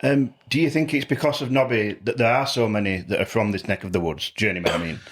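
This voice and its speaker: Low-voiced male host, rattles off casual questions. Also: fairly even intonation, fast. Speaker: podcast host. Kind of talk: casual podcast chat.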